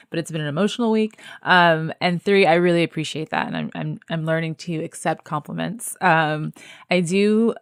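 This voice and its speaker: Woman podcast host, chatty, self-deprecating, low voice, dry close sound. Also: normal speed, smooth, no room sound. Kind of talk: candid podcast conversation.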